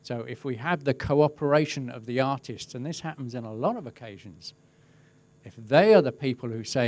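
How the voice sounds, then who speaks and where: A middle-aged man speaks at an ordinary pitch for a man. He talks through a webinar presentation about crowd safety. His storytelling is easygoing and wry, with a dry touch of humour. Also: lively intonation, fairly quick, darkish tone. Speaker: crowd safety and event management specialist. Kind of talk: webinar presentation, telling an anecdote.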